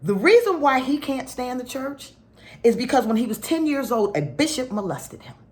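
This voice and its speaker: A middle-aged woman speaks to her spiritual followers with a lively, swooping voice. She tells stories with feeling and often drops to a hushed, near-whispered tone when the point gets heavy. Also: high voice, normal speed. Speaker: spiritual teacher.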